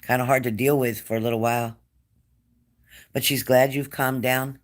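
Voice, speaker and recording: A man giving a spirit-medium reading to a client, gentle and coaxing, repeating his phrases. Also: mid-range voice. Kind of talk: reassuring psychic reading to a client.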